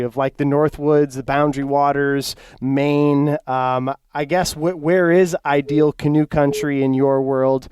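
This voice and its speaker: Smooth-voiced podcast host man, dry sound. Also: a little high, darkish tone, no room sound. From Upper Midwest of the US. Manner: enthusiastic, filler-heavy. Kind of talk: casual interview talk.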